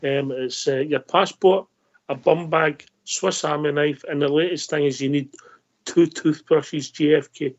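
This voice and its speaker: A man's voice: on the high side, fairly even intonation, a little slow. A man co-hosting a radio football show, chatty and teasing in casual chat. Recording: dull lo-fi broadcast audio.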